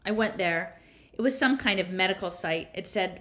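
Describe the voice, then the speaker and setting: A woman's voice: mid-range voice, moderate pace, fairly bright tone. A woman reading a first-person novel aloud, in a conversational, unpolished way with small slips. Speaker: audiobook reader.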